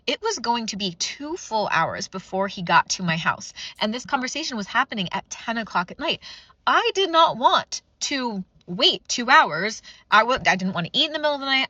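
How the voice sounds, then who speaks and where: Bright-voiced woman telling a personal story. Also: a little high, no room sound, lo-fi sound. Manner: candid, lively retelling with acted-out quotes. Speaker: host.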